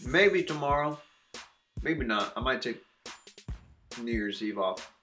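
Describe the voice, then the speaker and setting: A relaxed man talks casually while eating, trying snack pastries and giving his verdict. His voice sits at an ordinary middle pitch. Faint music plays quietly behind him. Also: takes it slowly. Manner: laid-back, chatty, eating while talking. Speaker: food reviewer vlogger. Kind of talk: casual snack review vlog.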